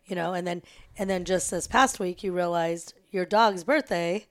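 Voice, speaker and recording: A woman's voice: fairly low pitch, moderate pace. A woman hosting a casual interview, asking chatty, curious questions. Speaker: host.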